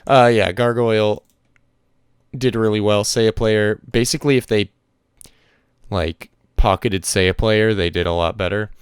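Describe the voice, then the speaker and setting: Smooth-voiced man talking esports. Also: lowish voice, fairly even intonation, unhurried, no echo, studio quality. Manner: chatty, rattles off teams and players. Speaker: podcast co-host. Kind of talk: casual esports chat.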